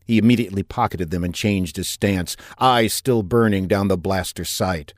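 A man narrating a science fiction audiobook in a steady, even storytelling manner on a close mic. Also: sits low, normal speed, no echo. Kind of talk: scripted narration.

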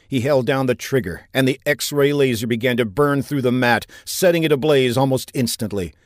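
Steady male audiobook narrator, dry close sound. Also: medium pitch, dry recording. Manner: measured, steady storytelling with action build-ups. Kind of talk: scripted narration.

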